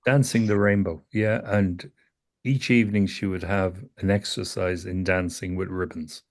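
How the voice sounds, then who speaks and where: A man working as a psychotherapist, talking a client through self-awareness in a calm, questioning way that repeats phrases. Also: deep voice, normal speed. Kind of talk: therapy session conversation.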